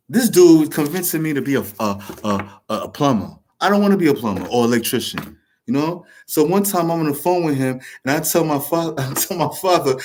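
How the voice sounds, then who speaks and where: A man's voice: fairly high pitch, a little mellow, slight background noise. A man talking straight to camera in a passionate, rambling way, swearing often and restarting his sentences. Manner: restarts and repeats words. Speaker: show host. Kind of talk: casual monologue to camera.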